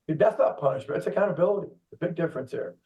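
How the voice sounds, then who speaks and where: A middle-aged man talks in an animated way, acting out voices and laughing through his stories. His voice sits fairly high for a man. It comes through a tinny, phone-like line, heard from some distance off the mic. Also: fast talker, roomy sound. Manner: animated storyteller who laughs and acts out kids and parents. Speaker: director of coaching at a youth soccer club. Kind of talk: casual podcast chat.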